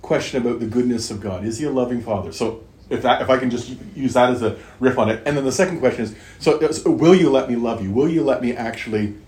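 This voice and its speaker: A man's voice: mid-range voice, fast talker, darkish tone. A middle-aged man talking earnestly and at length in a casual faith conversation, circling back and stressing his points. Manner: earnest, rambling, emphatic. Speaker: podcast co-host. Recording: echoey room, faint ambience.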